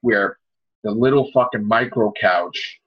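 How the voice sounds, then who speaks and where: A man's voice: on the low side, measured pace, husky. A man hosting a casual podcast, ranting heatedly and swearing a lot. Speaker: podcast host. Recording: dull lo-fi podcast audio.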